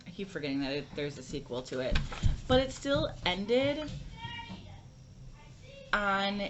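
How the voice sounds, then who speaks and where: A woman's voice: mid-range voice, big pitch swings, measured pace, highs cut off, background noise. A young woman vlogging a casual book review, rambling with lots of fillers and restarts.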